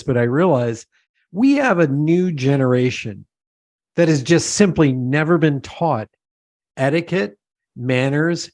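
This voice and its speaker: A man hosting an interview, talking in a relaxed, agreeable, storytelling way. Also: mid-range voice, no room sound. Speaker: podcast host. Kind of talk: conversational interview.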